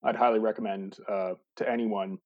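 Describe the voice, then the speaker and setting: A man's voice: on the low side, fairly even intonation, normal speed. A man appearing as a podcast guest from home, talking in a wry, hesitant way with many ums. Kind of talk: casual podcast chat. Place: home, recording remotely. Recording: slightly dull lo-fi remote line.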